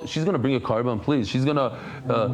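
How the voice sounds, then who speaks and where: A man's voice: mid-range voice, a little fast, a little hiss or hum. A man teaching a Talmud class, telling stories with acted-out voices and Hebrew and Yiddish terms. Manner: animated storytelling, acts out characters, mixes Hebrew and Yiddish terms. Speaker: Daf Yomi teacher.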